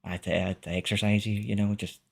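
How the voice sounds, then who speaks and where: A man's voice: on the low side, level tone, fast talker, gravelly. A man with a Scottish accent, a VTuber streamer rambling casually to his chat, swearing and laughing often. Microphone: streaming microphone.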